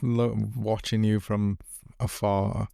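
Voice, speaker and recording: Low, mellow man making teasing remarks. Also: flat delivery, takes it slowly, gravelly, clear, resonant tone, dry recording, clean studio sound. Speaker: podcast co-host. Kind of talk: casual chat.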